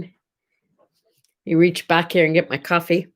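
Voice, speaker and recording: Slow, chatty woman hosting a home vlog. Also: fairly low pitch, completely flat delivery. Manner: chatty, encouraging, asks viewers questions. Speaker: host. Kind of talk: casual morning vlog talk. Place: home room at a desk.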